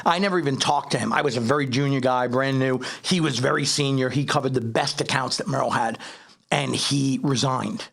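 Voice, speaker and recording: Middle-aged New man, husky and gravelly, animated storyteller who acts out the dialogue. Podcast co-host. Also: mid-range voice, fairly quick. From Staten Island, New York. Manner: animated, acts out quoted dialogue, frequent restarts. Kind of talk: casual storytelling.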